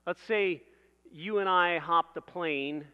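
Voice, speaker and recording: Man, sermon, high bright voice, conversational storytelling, hall reverb, dull lo-fi sound. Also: slow pace, clean tone. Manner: conversational, with vivid illustrations and laughter. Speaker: preacher.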